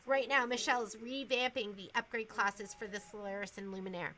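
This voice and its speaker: Bright-voiced chatty woman shop host. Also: mid-range voice, steady tone, a little fast, poor audio. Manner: chatty, enthusiastic about quilting features. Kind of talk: casual shop chat.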